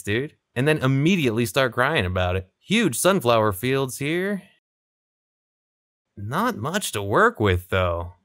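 A young man talks through his game in an unhurried, easygoing way, his pitch rising and falling a lot as he reacts. He sits close to a desk microphone in a dry room with no echo. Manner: relaxed, chatty, laughs often. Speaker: gaming video creator. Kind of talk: casual gameplay commentary.

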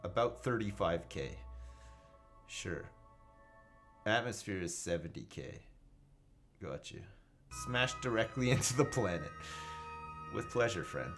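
A man's voice: on the low side, expressive, a little slow, long pauses, fairly bright tone, faint music behind. A man casually commenting on his own space game live, joking, swearing and thinking aloud as he reads chat. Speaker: gaming livestreamer.

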